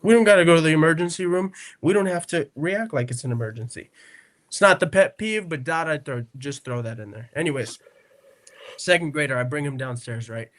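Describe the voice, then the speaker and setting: This podcast co-host speaks briskly in a slightly high, raised voice, spinning casual, animated stories. He slips into the voices of the characters he describes and keeps checking in with listeners through "right?" and "okay?"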